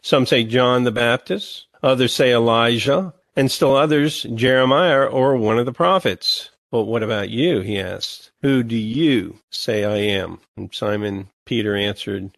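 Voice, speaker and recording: A man preaching a sermon, reading scripture passages slowly and breaking into emphatic, lively comments between them. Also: medium pitch, vocal fry, no room sound.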